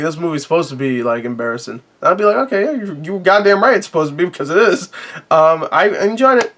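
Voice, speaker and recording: A man's voice: high voice, a bit bright. A man giving a rambling, profane movie review with frequent laughter and a sore throat. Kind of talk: casual spoiler review to camera.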